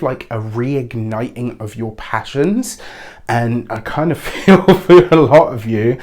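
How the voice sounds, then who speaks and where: Chatty man reading tarot, under the weather. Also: medium pitch. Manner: chatty, warm-hearted encouragement with many fillers and restarts. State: under the weather, slightly hoarse. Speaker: tarot reader. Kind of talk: casual tarot reading to camera.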